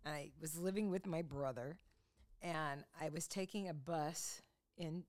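A woman's voice: sits low, unhurried, a little mellow. A middle-aged woman in casual chat, telling stories in a chatty, self-mocking way. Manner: chatty storyteller, self-mocking, laughs often.

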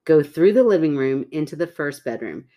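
A woman's voice: low voice, animated, a little fast, warm tone. A woman co-hosting a podcast, chatting casually and reading listener stories aloud, laughing often. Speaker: podcast co-host.

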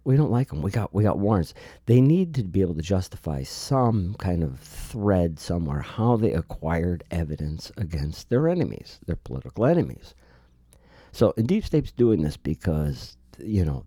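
A man's voice: deep voice, dark tone, husky, no room sound, studio quality. A man giving a solo political commentary, talking sarcastically and emphatically and rambling with frequent restarts.

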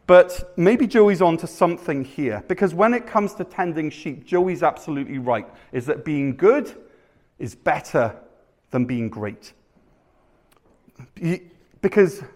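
A male pastor with a slightly high voice preaches at a live church service. He keeps it conversational and self-deprecating, telling stories full of animated asides.

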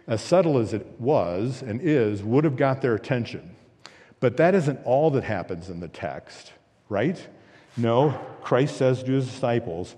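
Mellow-voiced pastor preaching in an echoing hall. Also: male voice, mid-range voice, expressive, a little slow. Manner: earnest, emphatic with repeated phrases and rhetorical questions. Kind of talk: sermon. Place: church sanctuary. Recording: long reverb of a church hall.

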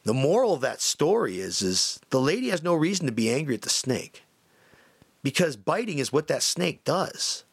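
A man hosting a podcast, telling a story casually with many fillers and lively shifts in tone. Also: on the high side, normal speed, vocal fry, husky. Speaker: podcast host.

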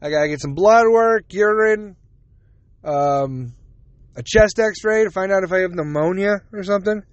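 A man's voice: high-pitched, moderate pace, no room sound, muffled recording. A man hosting a casual solo podcast, rambling and swearing as he retells conversations, tired and yawning. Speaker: podcast host.

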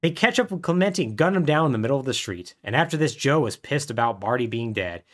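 A man co-hosting a podcast, casually retelling a plot and briefly acting out the characters' lines. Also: mid-range voice. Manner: animated retelling, acts out characters' lines in quick voices. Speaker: podcast co-host.

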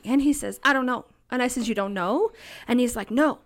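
A woman in her thirties telling stories as a podcast guest, animated and often laughing, acting out the voices of the people in them. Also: a little high, fairly quick. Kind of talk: casual storytelling. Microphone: podcast studio mic.

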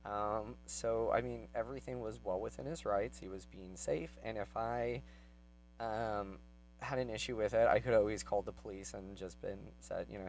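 Gravelly man rambling through a story. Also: fairly low pitch, fairly even intonation, darkish tone, faint music behind, rough recording. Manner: rambling, lots of fillers, grows heated and fast when retelling his anger. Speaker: vlogger telling a personal story. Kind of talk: casual storytelling.

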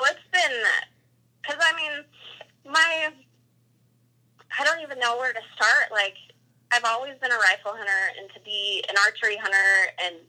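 Casting: high, very bright woman, lively storyteller acting out the dialogue. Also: poor audio. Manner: animated, acts out quoted dialogue. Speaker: guest hunter telling a story. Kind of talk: casual storytelling interview.

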